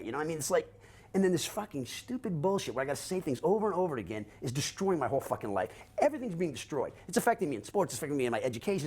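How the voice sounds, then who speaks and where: An older man telling his own story in a rapid, profane way, acting out what others said to him. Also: on the high side, slightly rough. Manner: fast, animated, swearing often, acting out quotes. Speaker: guest recounting his life.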